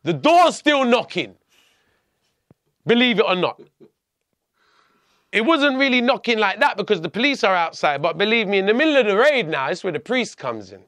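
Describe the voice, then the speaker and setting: A man telling a personal story as a podcast guest, blunt and animated, often restarting his sentences. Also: sits high, normal speed, long pauses, no echo, clean studio sound.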